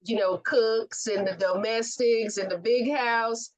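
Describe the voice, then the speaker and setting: Slow-drawling woman, high voice. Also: fairly even intonation. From Oakland, California. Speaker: host. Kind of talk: casual chat.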